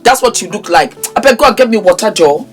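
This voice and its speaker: A woman's voice: medium pitch, expressive, brisk, slightly rough, faint music behind. A middle-aged woman, giving impassioned, preachy commentary as a vlogger and scolding a man directly. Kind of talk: impassioned social media commentary.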